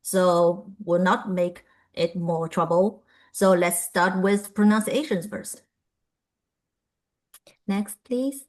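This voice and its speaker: A woman presenting a pronunciation workshop, reading sound lists aloud with frequent filler pauses. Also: lowish voice, a little mellow.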